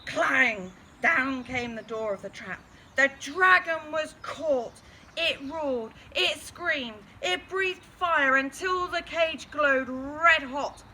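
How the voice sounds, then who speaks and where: Lively woman reading a children's story. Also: sits high, slow, slight background noise.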